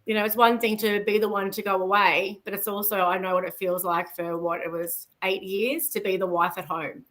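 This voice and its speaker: A woman's voice: medium pitch, flat delivery, moderate pace, fairly bright tone. A woman, a guest on a live chat, talking in a friendly way and laughing easily. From Australia. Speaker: guest, build support manager. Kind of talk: casual live-stream chat.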